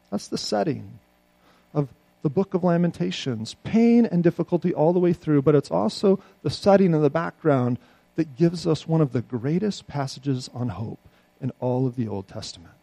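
A man preaching a sermon, swinging between loud, pleading outbursts and quiet, low asides. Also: expressive, normal speed, gravelly, dry recording. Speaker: pastor.

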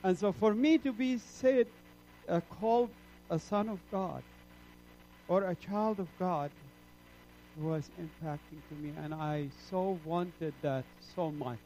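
A man from the Middle East preaching his own testimony in an impassioned sermon style. He is emphatic, dropping low and soft, then climbing to loud peaks. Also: takes it slowly, slight background noise, rough recording.

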